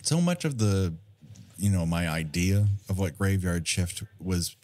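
A man's voice: sits low, sing-song, a little slow, darkish tone. A man co-hosting a podcast in casual film chat, joking and laughing often. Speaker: podcast co-host.

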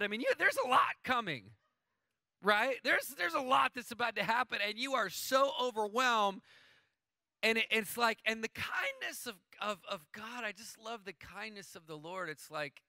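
A man in his thirties preaching a sermon in a church, casual and excitable, with slangy asides, restarts and sudden bursts of emphasis. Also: high-pitched, a little slow, dry recording. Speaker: worship leader preaching.

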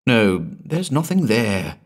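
A man's voice: on the low side, big pitch swings, a little slow, pitched above the performer's own voice, heavily acted. A man voicing a stout, hearty male commercial traveller with a blustering manner. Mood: uneasy.

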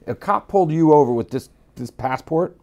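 A man's voice: fairly high pitch, normal speed. A middle-aged man from Miami telling a story as an interview guest, profane and streetwise, acting out the voices in it. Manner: profane, streetwise, animated re-enactments. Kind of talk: casual storytelling.

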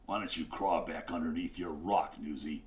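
A man voicing a gruff, hard-drinking older neighbor in a tabletop game, curt and dry. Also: rumbling low, steady tone, normal speed, pitched below the performer's own voice.

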